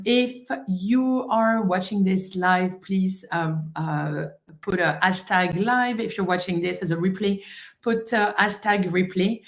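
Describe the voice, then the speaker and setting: A woman with a French accent, a rheumatologist hosting a friendly live stream, chatting casually with many fillers. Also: mid-range voice. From France.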